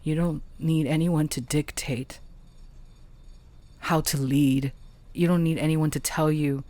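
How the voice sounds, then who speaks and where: Lady doing a tarot reading, low voice, real slow, soft and kinda choked up. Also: steady tone. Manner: slow, soft, emotional and halting. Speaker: tarot reader and channeler.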